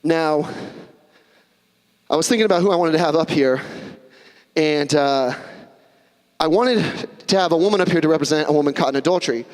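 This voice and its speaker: A man's voice: on the high side, brisk, pauses often. A young man preaching a casual, conversational sermon in a church, with joking asides and little acted-out quotes. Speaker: pastor. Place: church sanctuary. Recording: long hall reverb.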